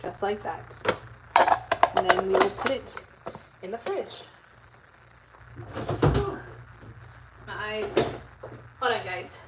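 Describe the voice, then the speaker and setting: A woman chatting her way through a live cooking stream in her home kitchen, rambling to viewers and answering their comments as she goes. Her voice sits at an ordinary middle pitch. Loud background noise runs under the whole recording. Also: big pitch swings, slow, long pauses, recorded from a distance. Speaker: homemaking channel host.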